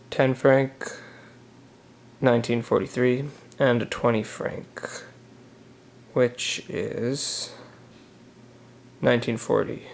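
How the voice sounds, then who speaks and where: Flat, gravelly-voiced man showing his banknotes. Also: mid-range voice. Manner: relaxed, halting, many "uh" pauses while reading notes. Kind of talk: casual show-and-tell vlog.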